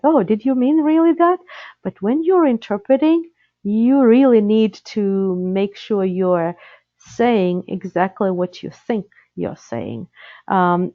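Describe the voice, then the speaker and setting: A woman's voice: mid-range voice, dry recording, muffled recording. Russian-speaking woman teaching a webinar. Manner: instructive, practical, with frequent fillers and restarts. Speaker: webinar presenter and interpreter trainer. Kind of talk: live training webinar lecture.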